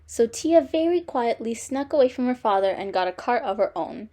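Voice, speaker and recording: A woman reads a children's story aloud with lively, expressive delivery. Her voice sits a bit high, and she leans into the telling like a storytime host. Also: moderate pace. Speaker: storytime reader.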